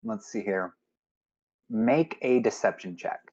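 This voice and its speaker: A man running a tabletop game as game master, slow and hesitant with many fillers. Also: lowish voice, darkish tone, dull audio.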